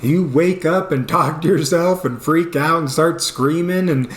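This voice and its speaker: A man quoting his exasperated girlfriend in a halting, stammering way. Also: on the high side, voice pushed up, lightly acted. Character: exasperated adult woman, a patient girlfriend. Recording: echoey room.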